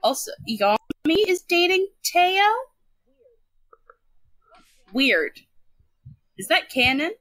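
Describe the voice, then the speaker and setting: High-voiced woman riffing a fanfic. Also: sing-song, slow, pauses often, low-quality recording. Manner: laughs often, reacts with loud disbelief. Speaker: fanfic riff reader. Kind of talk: casual riffing and reading aloud.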